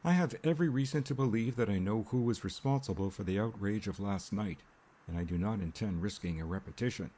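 A man's voice: fairly low pitch, fairly quick, dark tone, close to an everyday voice. A man playing a blunt little investigator. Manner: blunt, emphatic. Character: small, blunt, fact-collecting male investigator.

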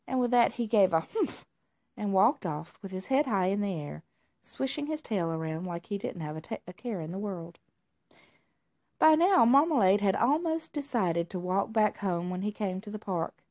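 A woman reading a children's storybook aloud. Her narration is expressive and paced for young listeners. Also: mid-range voice, moderate pace.

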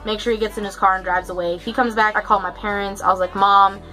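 Bright-voiced young woman telling a story. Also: mid-range voice, steady tone, fast talker, soft background music, rough recording. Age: young adult. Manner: chatty, profane, filler-heavy storytelling. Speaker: vlogger. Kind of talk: casual storytime.

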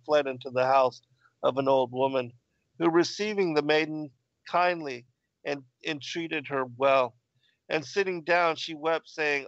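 A man narrating an ancient text in a fairly high voice. The sound is dull and dry, with no room around it. His delivery stays plain and measured. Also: fairly bright tone, no room sound. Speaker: reader of ancient texts.

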